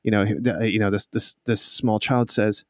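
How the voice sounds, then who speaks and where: A man's voice: fairly low pitch, fairly even intonation, normal speed, no room sound. A man narrating as game master of a tabletop game, telling the scene in a rambling way and laughing often. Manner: laughing, rambling storytelling with restarts.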